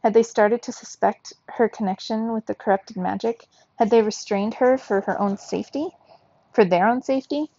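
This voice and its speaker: Brief: woman reading a children's novel aloud, husky and gravelly, dry dull lo-fi recording. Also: a little high, normal speed, no echo. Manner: steady storybook narration. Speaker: reader.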